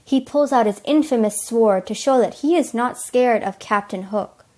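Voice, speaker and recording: A woman's voice: a little high, moderate pace, mellow. A teenage girl reading plain storybook narration for a school play. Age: teens.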